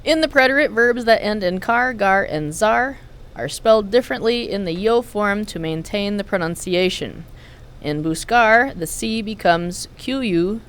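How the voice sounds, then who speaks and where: Woman, Spanish teacher; slow, deliberate recorded lesson narration, drilling each form. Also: mid-range voice, animated, fairly bright tone.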